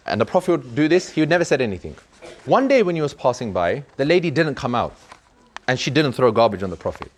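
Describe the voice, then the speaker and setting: A man telling a story to children in an earnest, emphatic way, repeating words for effect. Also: fairly high pitch.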